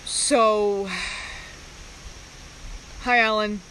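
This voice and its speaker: A woman talks on a live stream in a bright, forward voice. Her casual chat rambles and halts, and she keeps breaking off to greet viewers by name. Faint crickets and passing cars can be heard behind her. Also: medium pitch, steady tone, very slow, a little hiss or hum, low-quality recording.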